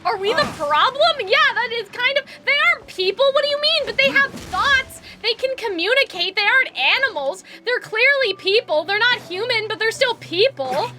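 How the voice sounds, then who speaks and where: A young woman streaming a video game, reacting excitably, swearing, calling people bestie and shrieking when things go wrong. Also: very high-pitched, normal speed, hardly any pauses, very noisy. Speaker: gaming streamer. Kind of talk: let's play commentary. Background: loud game music.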